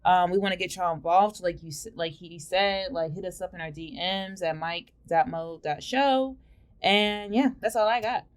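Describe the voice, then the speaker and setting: A woman's voice: fairly low pitch, moderate pace. Sassy young woman podcast co-host. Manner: sassy, blunt and playful. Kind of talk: casual chat.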